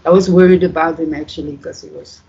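A guest from the Netherlands, telling stories in a casual, halting way, full of fillers and swearing. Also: medium pitch, fairly even intonation, warm tone, highs cut off. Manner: rambling, halting, many fillers, swears freely. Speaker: interview guest. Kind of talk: casual storytelling.

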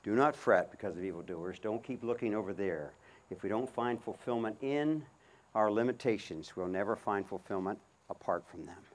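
A man's voice: fairly low pitch, normal speed. Preaching man giving a horse demonstration. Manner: calls out commands to a horse, then speaks softly and reflectively. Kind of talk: outdoor sermon with horse demonstration.

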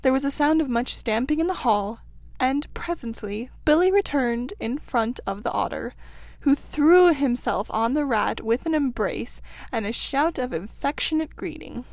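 A woman reading a classic children's novel aloud as narrator, with clear, expressive storytelling. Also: sits high, normal speed, no room sound, studio quality.

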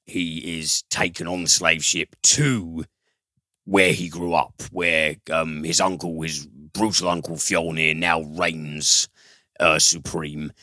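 A man's voice: very deep voice, little pitch movement, slow, sharp tone, dry recording. A man reviewing a film in casual chat, rambling and profane, with frequent fillers and restarts.

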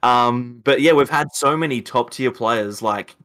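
A man's voice: medium pitch, a little slow, fairly bright tone. A man with an Australian accent who runs a card game channel, chatting casually on a podcast, rambling and often laughing. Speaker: YouTube channel host, card game player.

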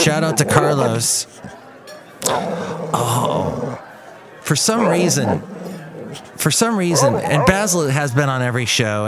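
A man hosting a podcast as a loose, comic solo monologue, wandering off on tangents and joking at his own expense. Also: mid-range voice. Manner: rambling, self-mocking asides. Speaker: podcast host. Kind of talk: casual comedic monologue.

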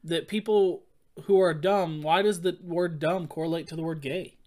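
A man co-hosting a podcast, chatting casually and telling playful stories with quick jokes. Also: a little high, steady tone, darkish tone. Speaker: podcast co-host. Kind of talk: casual chat.

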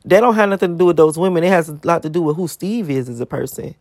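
A woman's voice: on the low side, quick pace, darkish tone, no echo, clean studio sound. Profane ranting woman vlogger. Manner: emphatic, profane, piles up rhetorical questions. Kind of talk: ranting monologue to camera.

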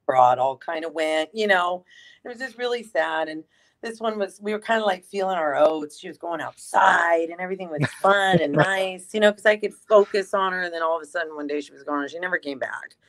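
A woman chatting casually and telling an animated story, swearing freely and using lots of fillers. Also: on the low side, fairly quick.

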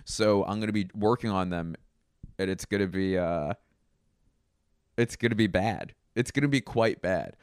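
A man's voice: lowish voice, moderate pace, smooth, no room sound, studio quality. A man hosting a casual solo podcast, rambling and joking with plenty of swearing. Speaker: podcast host.

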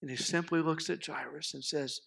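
A man preaching a sermon, telling a story with dramatic swings between loud passages and hushed ones, acting out the voices. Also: a little high, fairly even intonation, normal speed, creaky, husky. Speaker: pastor.

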